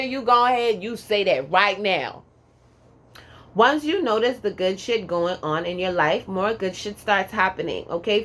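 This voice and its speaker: Woman, tarot reader, sassy, profane, emphatic, drawn-out words, mid pitch. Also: a bit bright. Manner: sassy, profane, emphatic, keeps adding "okay?"; drawls some words slowly for emphasis. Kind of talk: casual pick-a-card tarot reading.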